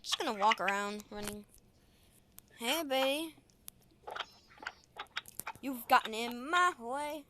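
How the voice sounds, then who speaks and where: A woman giving casual game commentary, excitable, shrieking and giggling as she plays. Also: on the high side, slow, pauses often. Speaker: gamer. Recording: loud background noise.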